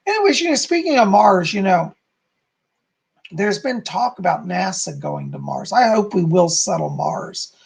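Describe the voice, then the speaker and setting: A man hosting a casual live stream, hoarse and clearing his throat, rambling with many fillers while reading out chat comments. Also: high voice, sing-song, moderate pace. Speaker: live stream host, psychic.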